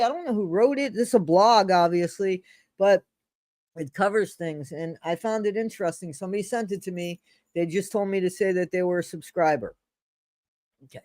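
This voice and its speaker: A woman's voice: fairly low pitch, darkish tone, no echo. A woman hosting a casual livestream, reading a blog aloud and answering her live chat in a chatty, apologetic way. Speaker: livestream host. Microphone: streaming setup mic.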